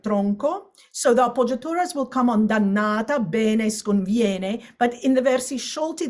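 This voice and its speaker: A woman teaching an online opera lesson, explaining with quick asides and breaking into sung and recited Italian examples. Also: medium pitch, a little mellow.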